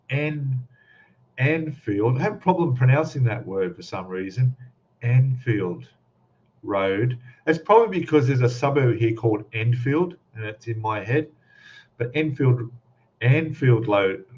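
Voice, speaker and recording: A man's voice: medium pitch, a little mellow, lo-fi sound. A man with an Australian accent hosting a casual live stream, chatting and greeting viewers by name with plenty of fillers.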